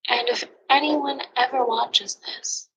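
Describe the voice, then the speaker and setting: A woman yoga teacher giving an earnest, emotional motivational talk, sometimes dropping into soft near-whispers. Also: high-pitched, fairly even intonation, takes it slowly, husky, low-quality recording. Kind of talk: personal motivational monologue.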